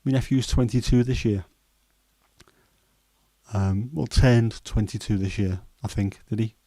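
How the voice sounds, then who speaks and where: A man in his fifties with a Scouse accent and a hoarse throat, hosting a casual chat livestream in a rambling, jokey way with many fillers. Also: lowish voice, measured pace, mellow, no room sound. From Liverpool, England. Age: 50s. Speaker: livestream host.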